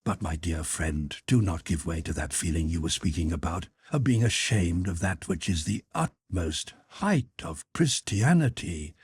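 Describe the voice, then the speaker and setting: A man's voice: deep voice, a little mellow, slightly rough, dry recording, heavily acted. A man voicing a pious, ecstatic older countess who consoles in a fervent, preaching manner. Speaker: character in audiobook.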